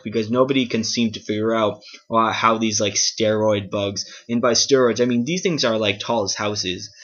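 A man's voice: fairly low pitch, a bit bright. Rambling, profane young-sounding man. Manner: rambling, profane, heavy use of "like" and "um". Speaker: anime reviewer. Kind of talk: casual episode recap. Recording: dull lo-fi webcam audio.

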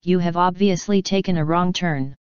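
A woman's voice: on the low side, moderate pace, clear, resonant tone, no room sound, lo-fi sound, natural voice. A woman voicing a mischievous, snooty male chaos spirit in a storybook reading, with a sneering manner.

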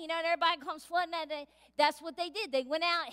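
A woman pastor preaching a sermon in a church, lively and playful, acting out voices as she goes. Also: very high-pitched, quick pace, hardly any pauses. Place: church sanctuary. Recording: reverberant church hall.

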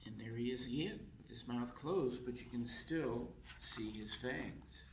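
A man reading a children's picture book aloud in a slow, expressive storytelling voice, in council chambers. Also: medium pitch, echoey room, slight background noise, low-quality recording.

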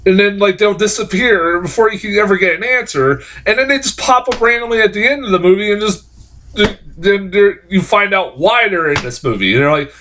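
A man's voice: high voice, fairly quick, bright, forceful tone, slight background noise. A man giving a casual, profane, rambling film review, exasperated and full of fillers.

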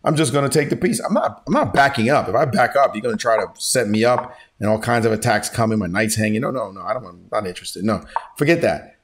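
A man's voice: on the low side, fast, close to an everyday voice. A man voicing a stubborn, defiant male chess player, grumbling a dismissive inner monologue.

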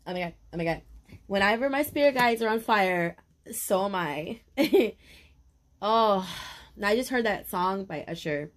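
Woman, tarot reader in a casual video. Chatty and animated, sure of herself, with mid-range pitch. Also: measured pace. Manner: animated, calls viewers baby and honey.

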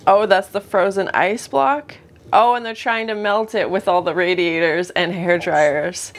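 A woman's voice: medium pitch, steady tone, unhurried. A young woman giving casual, chatty reaction commentary while watching a movie, with frequent gasps and jokey asides. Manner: chatty, exclaims and gasps often; jokey asides, mock quoting characters. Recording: movie soundtrack music behind. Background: movie music.

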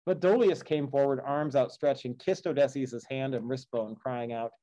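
A man's voice: medium pitch, moderate pace, mellow, highs cut off. A man reading an epic poem aloud as a teacher, breaking off for casual, chatty commentary. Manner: casual, chatty asides with fillers. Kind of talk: read-aloud with classroom commentary.

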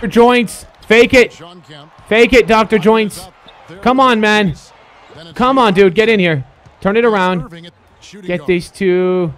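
A young man streaming a basketball video game, giving excitable, profane commentary and shouting at his players. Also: sits high, slow, long pauses. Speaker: gaming streamer.

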